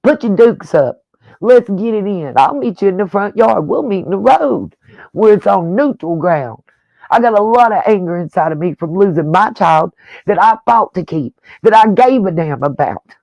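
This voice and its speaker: A woman vents in a blunt, profane rant, firing off pointed rhetorical questions. Her voice is gravelly and fried, and it sits close and dry with no room sound. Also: mid-range voice, animated, normal speed, a little mellow, no room sound, poor audio. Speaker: true-crime YouTuber. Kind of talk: angry on-camera rant.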